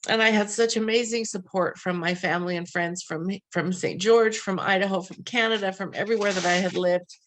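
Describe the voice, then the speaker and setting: A woman's voice: mid-range voice, steady tone, brisk, few pauses. Earnest middle-aged woman telling her story. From western United States. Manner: earnest, heartfelt, with frequent restarts and quoted dialogue. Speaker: webinar host. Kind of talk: personal storytelling.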